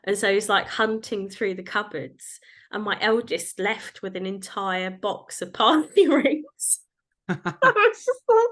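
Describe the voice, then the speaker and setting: A woman's voice: mid-range voice, lively intonation, a little slow, fairly bright tone. A woman in her thirties hosting a podcast, chatting casually and laughing often as she tells family stories. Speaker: podcast host. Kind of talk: casual chat.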